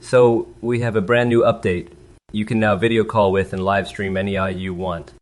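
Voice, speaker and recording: A man's voice: fairly low pitch, fairly even intonation, moderate pace. A man presenting a product announcement in a slightly hesitant way with fillers. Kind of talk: promotional announcement.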